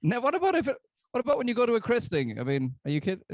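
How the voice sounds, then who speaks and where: A man with an Irish accent doing a stand-up comedy set, self-deprecating and deadpan. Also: very high voice, rapid-fire, dry recording. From Ireland.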